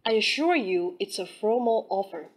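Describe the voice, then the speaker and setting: A woman voicing a courteous, formal young gentleman in an audiobook, speaking with polite restraint. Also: medium pitch, animated, moderate pace, close to an everyday voice.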